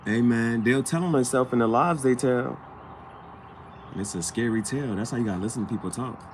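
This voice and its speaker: A man's voice: medium pitch, fairly quick, slight background noise. A man vlogging in a casual, slangy storytelling chat, acting out the people he talks about. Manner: animated, slangy, acts out quoted people.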